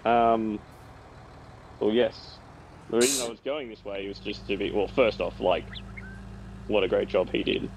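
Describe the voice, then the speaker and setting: A man chatting casually with fellow players, hesitant and halting. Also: on the low side, flat delivery, muffled recording, a little hiss or hum. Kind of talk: casual chat over voice call.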